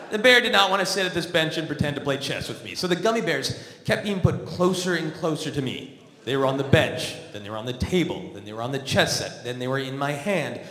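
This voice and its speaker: A man's voice: high voice, pushed and bright. A male comedian telling a stand-up story on a theatre stage with a dry, wry comic delivery. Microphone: stage microphone. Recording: echoey theatre hall from a distance.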